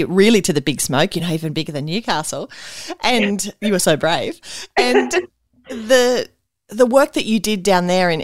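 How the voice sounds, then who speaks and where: A woman's voice: deep voice, no echo, studio quality. A woman hosting an interview, speaking in an encouraging, conversational way. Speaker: host.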